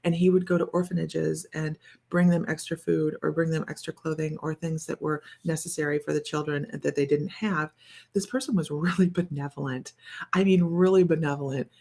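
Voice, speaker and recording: A psychic reader speaks to camera in a casual session, thinking aloud as she wanders through her impressions with plenty of fillers and self-corrections. Her tone is wondering and chatty. Her deep voice is gravelly and a little mellow, with fairly even intonation and a brisk pace.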